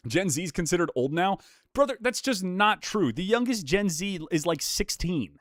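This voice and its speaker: An excitable young man streaming live and opening card packs, his pitch bouncing all over the place as he chats. He sits a little above the usual male range and swears now and then. The recording is close and dry, with no room sound. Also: normal speed, no room sound. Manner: excitable, animated, swears casually, reads chat aloud.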